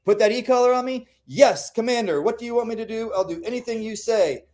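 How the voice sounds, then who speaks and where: A man voicing a pet dog with a high, eager, exaggerated voice. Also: fast, a little mellow. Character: eager obedient pet dog, then defiant.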